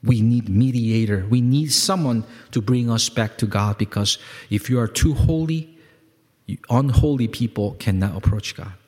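A male pastor preaching a sermon, emphatic and repetitive, swinging from loud peaks to quiet lows and calling on the congregation to respond. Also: moderate pace. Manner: repeats words for emphasis, asks congregation to respond. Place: church sanctuary. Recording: long hall reverb.

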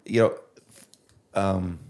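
Very low-voiced woman co-host, encouraging. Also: steady tone, very slow, darkish tone. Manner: earnest and encouraging, with many fillers. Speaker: podcast co-host. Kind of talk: faith-based casual chat.

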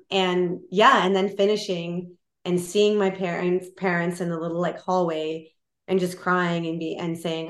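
A woman's voice: lowish voice, measured pace. Candid woman in a roomy echo. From Canada. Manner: candid and animated, with many fillers. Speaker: guest, Olympic marathoner. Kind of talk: casual interview chat.

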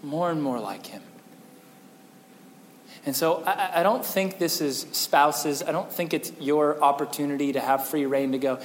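Animated preacher man in a reverberant hall. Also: a little high, normal speed, hardly any pauses, slight background noise. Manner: animated storytelling, acts out scenes. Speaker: pastor. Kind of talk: sermon.

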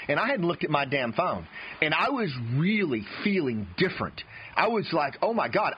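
A man's voice: fairly high pitch, breathy edge, dull audio. A middle-aged man hosting a podcast, telling a candid, profane story in a casual, conversational way and talking straight to his listeners. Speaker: podcast host.

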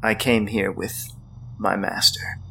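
Battered apprentice wizard, guarded and weary, low quiet voice, put on by a man. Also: flat delivery, slow, vocal fry, a little hiss or hum, exaggerated voice, rough recording.

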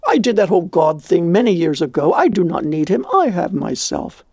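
A woman quoting a dismissive female shopkeeper in her own husky voice. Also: fairly low pitch, big pitch swings, fairly quick, darkish tone, no room sound, clean studio sound, voice pushed down, full character voice. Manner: scoffing, dismissive.

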